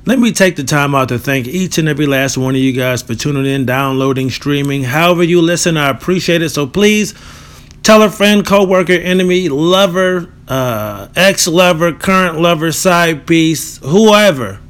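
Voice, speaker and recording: A man's voice: on the high side, expressive, moderate pace, fairly bright tone, clear, resonant tone. A man in his thirties with a dry, nasal voice, hosting a casual solo podcast in a loose, profane, joking and rambling way. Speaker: podcast host.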